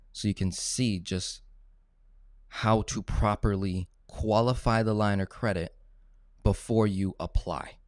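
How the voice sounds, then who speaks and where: A man's voice: fairly low pitch, darkish tone, no room sound, clean studio sound. A man teaching personal finance in a casual coaching tone, often checking in with "right?" and "okay?". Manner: coaching, tag questions like "right?" and "okay?", acts out phone calls. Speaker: finance educator.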